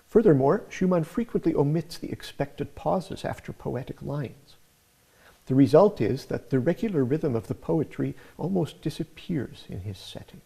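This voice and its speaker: A man narrating a scripted music lecture in a measured, explanatory way. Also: medium pitch, gravelly, dark tone, husky.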